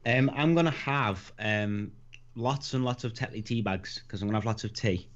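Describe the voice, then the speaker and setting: A man's voice: fairly low pitch, moderate pace, muffled recording. A man in a casual podcast chat, cheerful and a little hesitant.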